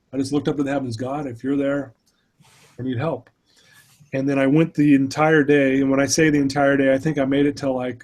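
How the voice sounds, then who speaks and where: In an interview, a man with a mid-range, slightly mellow voice shares personal stories about his struggles. He speaks earnestly and candidly, drawing on his role as a speaker and mentor.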